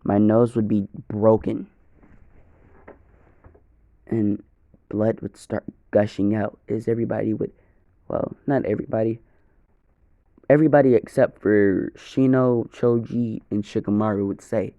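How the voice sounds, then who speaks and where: A man's voice: on the low side, fairly even intonation, slow, long pauses, mellow, no echo, lo-fi sound. A young man narrating an improvised first-person fan story, rambling, correcting himself and swearing casually.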